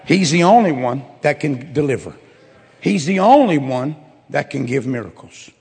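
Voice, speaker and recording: Husky preacher in a reverberant church. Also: male voice, fairly high pitch, expressive, moderate pace. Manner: repetitive, folksy, builds to loud bursts. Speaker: pastor. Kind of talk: sermon with altar call. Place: church sanctuary.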